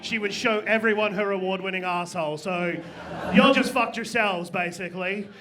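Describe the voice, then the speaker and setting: A man's voice: high-pitched, moderate pace, bright, forceful tone, faint music behind. An Australian man hosting a comedy show, trading brash, crude banter.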